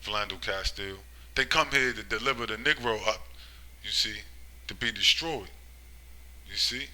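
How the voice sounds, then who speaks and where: In a rambling sermon, a religious commentator with a bright, forceful voice keeps nudging listeners with "right?" and "you see?", shifting from loud outbursts to quiet mutters. When reading scripture, he slows way down and draws the words out. The recording is rough.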